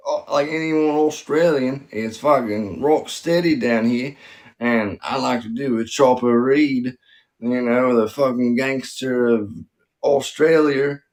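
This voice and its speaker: Slow-talking crude comedian host. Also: male voice, medium pitch, darkish tone. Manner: loose, crude, rambling. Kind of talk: casual comedy chat.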